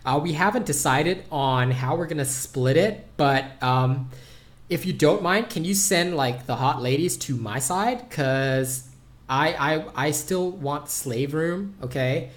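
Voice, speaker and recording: A man's voice: fairly high pitch, slow. A man hosting a casual poetry livestream, joking and teasing with frequent stammering restarts.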